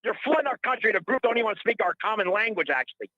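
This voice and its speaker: A man's voice: high-pitched, expressive, very fast, no echo, dull audio. A middle-aged man calling in to a radio show, ranting in a heated, rambling, indignant way and repeating himself. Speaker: caller. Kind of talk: heated call-in rant.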